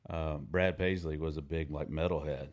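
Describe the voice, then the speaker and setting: A man's voice: a bass voice, steady tone, moderate pace, a little mellow. A young man co-hosting a casual music podcast, easygoing and talkative, with many fillers. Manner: easygoing, lots of "you know" fillers.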